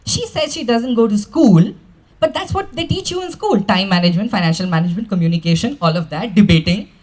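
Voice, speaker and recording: A man's voice: high voice, animated, a little fast, darkish tone. A man, a life skills coach, giving a motivational stage talk and telling stories animatedly, acting out the voices he quotes.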